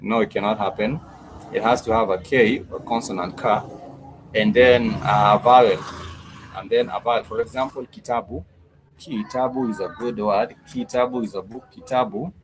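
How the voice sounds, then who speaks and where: A man teaching a Swahili lesson online, patiently repeating words and drilling them slowly, with plenty of fillers and restarts. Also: lowish voice, steady tone, background noise.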